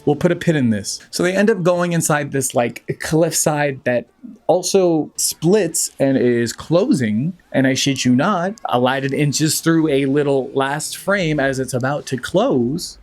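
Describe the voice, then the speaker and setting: A young man giving a sarcastic, jokey recap of an animated movie as a reviewer, now and then mimicking the characters. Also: a little high, unhurried.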